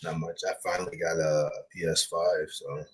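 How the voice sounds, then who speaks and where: A man with a very deep voice joins a gaming podcast. His tone is husky. He makes relaxed, easygoing small talk. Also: normal speed. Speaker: podcast guest. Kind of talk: casual podcast chat.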